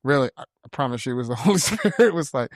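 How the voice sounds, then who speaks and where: A man in his forties co-hosting a podcast in casual chat. He speaks earnestly and haltingly, restarting often and laughing easily. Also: mid-range voice, animated, dry recording, clean studio sound. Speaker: podcast co-host.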